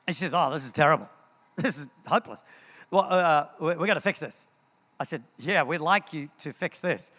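A man preaching a sermon in a church, telling stories in an animated way and repeating words as he acts scenes out. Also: a little high, a little fast. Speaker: pastor. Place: church hall. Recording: long hall reverb.

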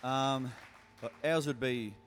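A man giving a short testimony in a church hall, earnest and halting. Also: medium pitch, a bit bright, a little hiss or hum. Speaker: church member.

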